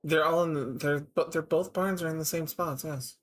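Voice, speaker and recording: A man's voice: fairly high pitch, moderate pace. A man streaming a farming game with a friend, talking casually with frequent laughs and restarts. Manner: relaxed, laughs often, trailing restarts. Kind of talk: casual co-op gameplay chat.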